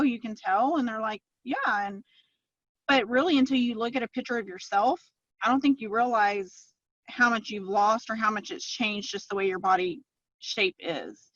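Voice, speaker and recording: Woman guest, chatty storyteller, dry lo-fi sound, mid pitch. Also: a bit bright, no echo. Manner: chatty, storytelling with quoted asides. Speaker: podcast guest, fitness client. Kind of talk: casual interview chat.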